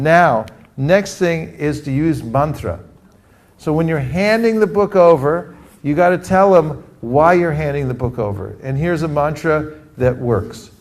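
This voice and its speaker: A man from California teaching a live group in an energetic workshop style, calling for responses from the audience. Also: on the high side, moderate pace. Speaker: teacher leading a training session. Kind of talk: interactive workshop talk.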